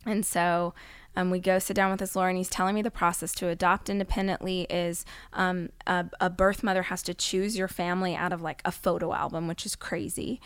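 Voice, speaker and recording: A woman telling a heartfelt personal story in a studio interview, dropping to hushed tones when she quotes others. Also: lowish voice, little pitch movement, brisk, smooth, dry recording. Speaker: guest author.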